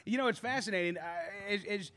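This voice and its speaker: A man's voice: high voice, fast talker, pushed and bright. A man hosting a studio talk show, chatty and self-deprecating as he interviews a guest. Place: broadcast studio.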